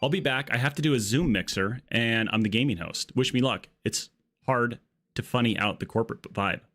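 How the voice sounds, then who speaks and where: A male game streamer with a medium-pitched, slightly bright voice talks briskly in casual live gameplay chat. He rambles, jokes and goes off on tangents, speaking through an earbud mic.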